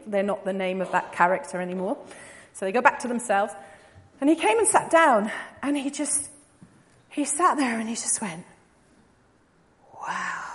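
A woman's voice: medium pitch, in a large hall. A woman giving a talk as a psychodrama practitioner, telling a story vividly and earnestly.

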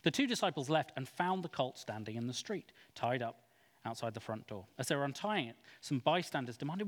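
A man giving an expressive, dramatic Bible reading. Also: medium pitch, a little fast. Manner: expressive, acts out quoted speech. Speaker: scripture reader. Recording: long hall reverb.

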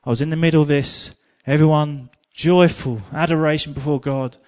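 A man from England, his voice on the high side and his pace moderate, preaches through a personal anecdote. He sings snippets here and there and makes fun of himself with good humor.

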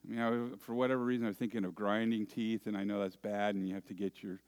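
A man preaching a sermon as pastor, deliberate and asking his congregation rhetorical questions. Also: on the low side, flat delivery, darkish tone.

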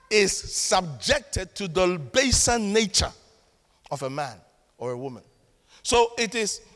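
High-voiced man preaching in an echoing hall. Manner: emphatic preaching with sudden loud outbursts and dry asides. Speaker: pastor. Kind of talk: sermon. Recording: long reverb of a large hall.

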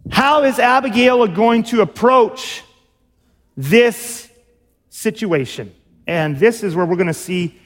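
A man's voice: high voice, in a large hall. A man preaching a sermon in a conversational way, asking the listeners questions and acting out quotes. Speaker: pastor.

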